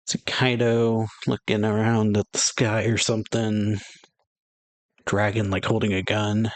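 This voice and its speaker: A man's voice: on the low side, level tone, a little slow, no room sound, rough recording. A man hosting an anime reaction channel, reading through manga pages in a casual, rambling way with frequent chuckles and filler words.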